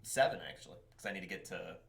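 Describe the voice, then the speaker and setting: A man playing a tabletop game, excitable, often laughing and swearing. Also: sits low, quick pace, vocal fry. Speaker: player.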